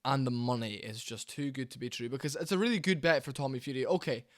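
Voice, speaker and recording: Talking fast and animatedly in his mid-range voice, a man rambles through frank boxing opinions from a warm room at home, stumbling over fillers and starting over often. The sound is clean studio audio with no echo.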